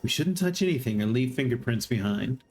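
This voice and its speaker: A streamer voicing a measured, careful man who keeps the keys at a resort, in a game read-aloud. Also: mid-range voice, expressive, darkish tone, faint music behind, close to an everyday voice. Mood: cautious. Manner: measured and cautious.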